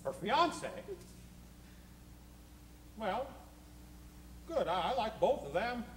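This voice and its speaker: Stage musical: male actor as a tender, hesitant president, a lively high tenor, a roomy sound with orchestra behind. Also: slow pace, a little hiss or hum, heavily acted. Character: gentle affectionate middle-aged president, husband. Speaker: actor playing President Lincoln. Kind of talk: stage musical acting with song.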